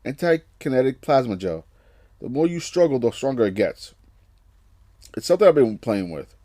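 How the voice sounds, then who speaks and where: A man's voice: mid-range voice, sing-song, normal speed, mellow, no echo, clean studio sound, natural voice. A man voicing a confident adult male inventor and superhero from a comic, speaking in a casual, self-assured way. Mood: breezy.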